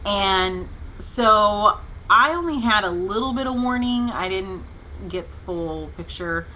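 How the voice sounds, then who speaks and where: A woman's voice: mid-range voice, expressive, takes it slowly, sharp tone, slight background noise, poor audio. A woman hosting a casual devotional vlog, telling a long story in a chatty, rambling way with many fillers and restarts. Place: home livestream. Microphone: webcam or computer mic.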